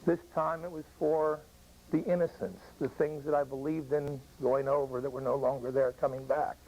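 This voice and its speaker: An older American man, a veteran, telling an emotional personal war story with halting pauses. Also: medium pitch, little pitch movement, a little mellow, rough recording. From United States. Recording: old radio broadcast recording.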